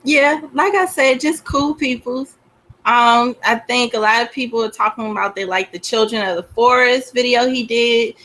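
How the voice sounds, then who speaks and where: Laid back woman on a stream, kinda high voice, lots of slang. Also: moderate pace, a bit bright. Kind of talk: casual chat.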